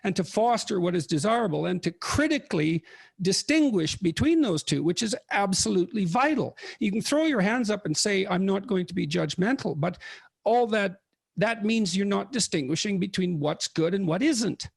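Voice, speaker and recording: Male podcast host, high-pitched and gravelly, emphatic explainer, very dry sound. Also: lively intonation, moderate pace, no echo. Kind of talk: conversational interview.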